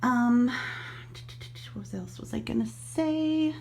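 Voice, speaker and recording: A woman's voice: fairly high pitch, takes it slowly, gravelly, darkish tone, a little hiss or hum. A middle-aged woman vlogging casually from home, chatting and thinking aloud as she handles items she resells online. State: out of breath. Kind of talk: casual vlog chat.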